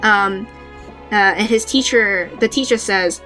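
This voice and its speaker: Talking through manga panels on her podcast, a woman rambles in a casual way, with lots of fillers and restarts. Her medium-pitched voice is bright and forceful, her pace measured, and faint music plays in the background.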